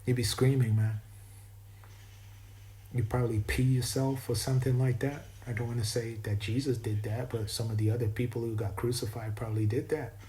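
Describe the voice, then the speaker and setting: A man speaks a little fast in a warm, level, mid-range voice, giving a meandering spiritual monologue full of restarted sentences. He calls his East Coast American accent imperfect, and his manner is reflective. The recording is low quality.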